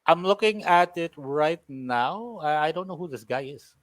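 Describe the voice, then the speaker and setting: A Filipino-accented man hosting a podcast, his pitch moving in a lively way as he steers the talk. His voice is mid-range and dry, recorded close with no room sound. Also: moderate pace, no echo. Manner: lively, leads the questions. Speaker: podcast host. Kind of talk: casual chat.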